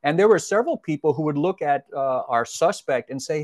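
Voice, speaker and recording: A man's voice: fairly high pitch, animated, brisk, dry recording. A middle-aged man, a retired police officer as a podcast guest, telling stories in an earnest, reflective way. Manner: earnest, reflective, gently persuasive. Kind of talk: casual storytelling conversation.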